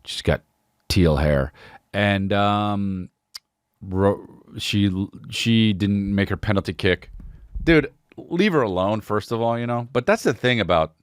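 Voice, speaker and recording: A man's voice: on the low side, animated, slow pace, clear, resonant tone, no room sound, clean studio sound. A man hosting a comedy podcast, ranting casually with a lot of swearing and calling people "dude.". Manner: profane, riffing, says dude a lot. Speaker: podcast host.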